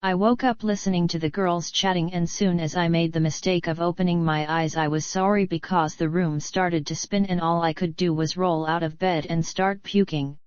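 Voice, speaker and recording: Low, smooth-voiced woman reading. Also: fairly even intonation, normal speed, hardly any pauses, no room sound. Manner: blunt, profane, rambling. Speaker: audiobook reader and author. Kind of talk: first-person audiobook narration. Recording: slightly dull lo-fi recording.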